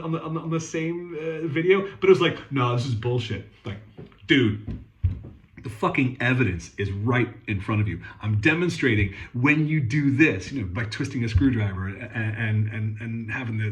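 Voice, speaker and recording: A man's voice: medium pitch, moderate pace, reverberant. A man hosting a guitar workshop channel, talking in a casual, sweary, sarcastic and rambling way. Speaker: guitar technician and channel host. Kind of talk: casual ranting demo.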